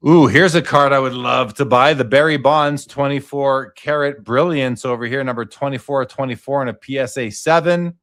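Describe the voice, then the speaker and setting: A man's voice: medium pitch, moderate pace, hardly any pauses, a bit bright. A man hosting a live sports card auction stream, reading out each lot's details and asking his guest for opinions. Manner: casual, reads out lot details and asks the guest questions. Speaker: host.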